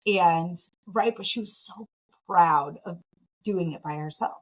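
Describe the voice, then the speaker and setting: A woman from Michigan, a podcast guest, telling her story in a casual, animated, self-deprecating way with frequent laughter. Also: fairly low pitch, slow, breathy edge, low-quality recording. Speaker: podcast guest, nonprofit founder.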